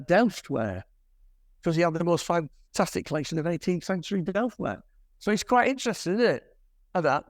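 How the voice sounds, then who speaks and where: A man's voice: high voice, no room sound. An older man gives a chatty slide talk to a camera club, telling stories with dry, wry humour. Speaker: guest presenter at a camera club. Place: club meeting room.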